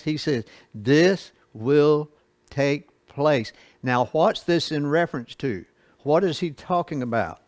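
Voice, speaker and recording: With a medium-pitched voice and no room sound, a man slowly reads scripture during a Bible study and explains it in a homespun way, chuckling and adding asides.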